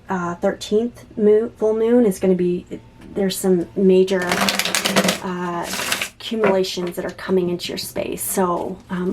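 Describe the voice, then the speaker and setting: A woman gives a tarot reading as it comes to her, thrilled and stumbling over her own words as she goes. She restarts her sentences and fills the gaps with filler sounds. Her voice sits at a middling pitch for a woman. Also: background noise. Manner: excited, halting, many restarts and fillers; drops to soft whispers while shuffling cards. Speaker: psychic tarot reader. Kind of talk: spontaneous tarot reading to camera.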